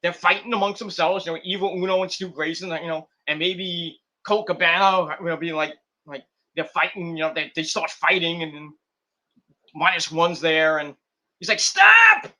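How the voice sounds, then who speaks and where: A young man hosting a wrestling stream, rambling in casual commentary and acting out scenes with quick put-on voices. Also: a little high, little pitch movement, bright, forceful tone.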